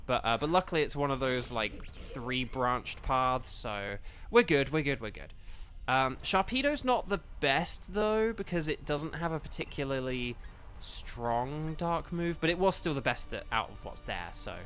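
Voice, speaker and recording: This streamer and voice actor takes his time, his medium-pitched voice expressive and a little bright as he rambles to viewers during a game. Faint music plays behind his casual, think-out-loud live-stream chat.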